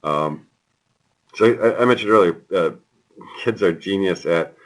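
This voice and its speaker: Deep-voiced man giving a casual lecture. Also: measured pace, rough recording. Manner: relaxed and chatty, lots of ums and anecdotes. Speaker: university lecturer. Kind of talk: classroom lecture.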